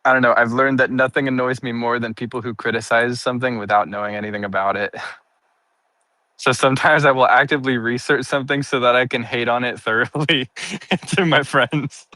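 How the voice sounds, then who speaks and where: A man's voice: mid-range voice, fairly even intonation, a little fast, pushed and bright, dry recording, rough recording. A sleepy man streaming casual chat to his viewers, giggling often between sentences and turning playfully dramatic.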